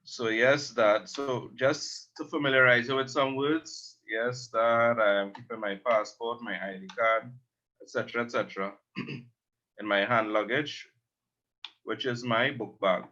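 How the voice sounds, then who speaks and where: Slow, bright-voiced man teaching a language. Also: mid-range voice, steady tone, dull audio. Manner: slow, explains words and repeats them. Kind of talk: spoken language lesson.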